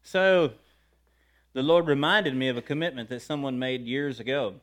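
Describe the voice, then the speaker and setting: A male preacher telling stories in a sermon in a folksy, conversational way, swinging between loud and quiet and often laughing. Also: mid-range voice, normal speed. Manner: lively storytelling with wide swings in loudness and frequent laughter. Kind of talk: storytelling sermon.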